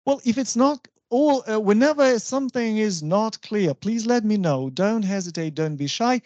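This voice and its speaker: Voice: mid-range voice, expressive, moderate pace, warm tone. A lecturer delivers a university lecture in a patient, explanatory way and keeps asking "right?". The recording sounds muffled and lo-fi, with a very dry, close sound and no room echo. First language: Russian.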